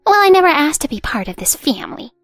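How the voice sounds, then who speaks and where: A woman's voice: high-pitched, very animated, fast talker, fairly bright tone, dry recording, clean studio sound, faint music behind, full character voice. A woman voicing a haughty, mocking young daughter-in-law in a narrated drama story, with a sneering, dismissive way of talking. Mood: cold.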